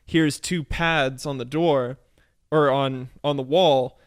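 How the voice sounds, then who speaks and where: A man's voice: mid-range voice, fairly even intonation, takes it slowly, dry recording, clean studio sound. A man hosting a casual podcast, talking in a loose, rambling way and laughing often. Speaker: podcast host.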